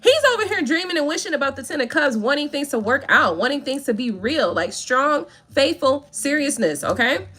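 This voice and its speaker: Sassy, lively woman tarot reader. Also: high voice, fairly quick, hardly any pauses. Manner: sassy, playful, full of slang. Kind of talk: casual tarot reading.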